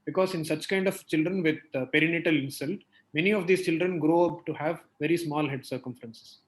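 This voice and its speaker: A man's voice: on the high side, brisk. A man leading a clinical teaching discussion, quizzing a student and explaining step by step with frequent checks like "right?".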